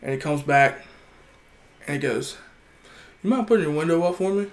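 Man, casual chat, rambling anecdote, quotes people, cusses, slightly high voice. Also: animated, moderate pace. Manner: rambling anecdote teller, quoting others, swears freely. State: gets heated and shouts when indignant.

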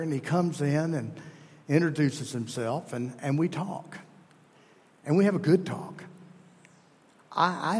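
Husky-voiced male preacher in a reverberant hall. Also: fairly high pitch, a little mellow. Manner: earnest storytelling, emphatic, self-correcting. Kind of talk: sermon.

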